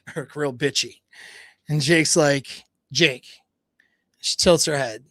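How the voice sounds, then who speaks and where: A man tells a dating story on a livestream, slipping into quoted back-and-forth and stumbling over his words as he goes. His voice sits a little high for a man, recorded close and dry with no room echo. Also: unhurried, bright, forceful tone. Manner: casual retelling with quoted dialogue, frequent restarts and laughs; swears casually. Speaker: dating coach.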